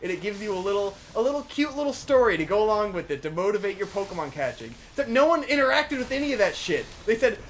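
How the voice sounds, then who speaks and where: A young man co-hosting a let's play, giving casual gameplay commentary in a profane, ranting way that swings from mumbling to shouting. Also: high voice, very animated, fast talker, few pauses, a little hiss or hum.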